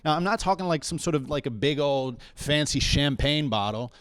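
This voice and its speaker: A young male comedian working through a stand-up set with a slightly high voice. His delivery is loose and chatty, and he keeps tossing in "right?" and "you know?" to pull the room along. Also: expressive, moderate pace, a bit bright, clear, resonant tone, dry recording. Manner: conversational, keeps checking in with the crowd. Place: stage of a local comedy bar.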